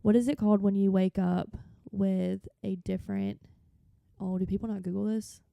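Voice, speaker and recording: A woman's voice: medium pitch, flat delivery, moderate pace, gravelly, mellow, no room sound, clean studio sound. A woman in her thirties with a light North Carolina accent, co-hosting a podcast in casual chat, rambling and laughing often. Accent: North Carolina Southern. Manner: giggly, rambling storyteller. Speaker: podcast co-host.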